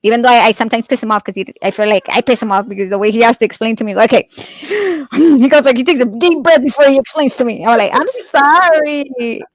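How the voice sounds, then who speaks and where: A woman's voice: on the high side, fast talker, no echo, poor audio. A woman in a casual chat, talking freely with plenty of swearing and frequent laughter. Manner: chatty, profane, laughs often.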